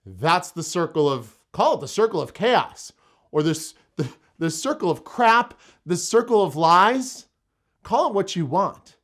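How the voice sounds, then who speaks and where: A man's voice: high-pitched, big pitch swings, measured pace, a bit bright. A man giving an emphatic motivational self-help talk, repeating phrases for effect. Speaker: motivational speaker.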